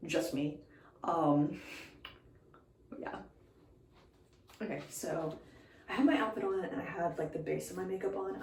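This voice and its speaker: Young woman vlogger, low voice, echoey room. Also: a little mellow, recorded from a distance, a little hiss or hum. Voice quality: occasional slight lisp. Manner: rambling, many fillers and restarts. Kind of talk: casual chat. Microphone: phone camera.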